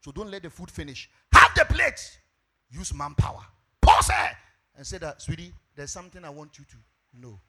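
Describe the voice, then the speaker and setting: A middle-aged Ghanaian pastor preaching a sermon, telling a story with animated delivery and shouted emphasis. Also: male voice, fairly high pitch, fairly quick.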